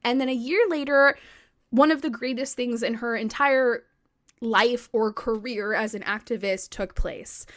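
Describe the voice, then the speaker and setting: A woman co-hosting a podcast, telling a history story in animated, chatty talk full of "like" and the odd swear word. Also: a little high, unhurried, dry recording, clean studio sound. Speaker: podcast co-host. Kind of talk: casual chat, storytelling.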